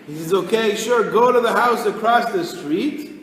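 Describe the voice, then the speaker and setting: A rabbi giving an animated storytelling Torah class, acting out the people in his tale. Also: high-pitched, moderate pace, slight background noise. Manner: animated storyteller, acts out characters. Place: study hall. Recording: echoey hall.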